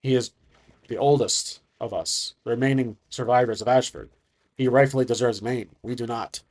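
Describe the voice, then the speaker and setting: Guy doing humble young hero in a solo tabletop game, earnest and measured, pretty plain voice. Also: medium pitch, darkish tone, lightly acted. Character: humble young man refusing his family name.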